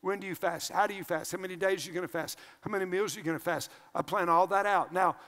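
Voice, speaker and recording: An older man preaching a sermon as pastor, energetic and animated, jumping between loud shouts and hushed asides. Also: sits high, quick pace. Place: large church sanctuary. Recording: long hall reverb.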